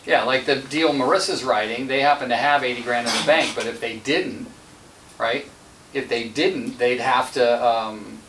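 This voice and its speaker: A man's voice: mid-range voice, moderate pace. A man who leads a real estate team, giving a casual sales training talk and telling anecdotes with quoted dialogue. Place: office meeting room, filmed. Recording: roomy sound from a distant mic, faint noise.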